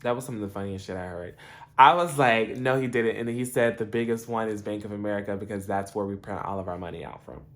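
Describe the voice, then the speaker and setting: Young male reviewer, lower voice, chatty recap with quick impressions of characters. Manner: animated, laughing, acts out characters' lines. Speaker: TV episode reviewer. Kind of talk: casual recap commentary.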